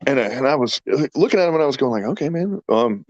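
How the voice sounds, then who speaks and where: A man's voice: medium pitch, racing, no echo, lo-fi sound. A man in his fifties, a podcast host telling rambling, profane stories in casual chat. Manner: rambling, profane, animated storyteller.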